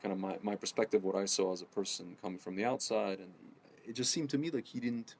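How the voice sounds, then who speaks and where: A man ranting casually to camera, rambling with many fillers and restarts, often addressing his audience as ladies and gentlemen. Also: lowish voice, fast, gravelly, a little hiss or hum. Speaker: political commentator. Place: home in Jerusalem.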